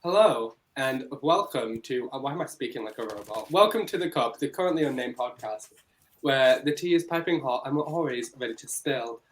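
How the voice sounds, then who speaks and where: A man hosts a loose podcast chat, teasing his friends with an easy, joking manner. His voice sits at an ordinary middle pitch. The talk stays light and casual. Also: animated, a little fast, slight background noise, poor audio. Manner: playful, joking. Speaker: podcast host.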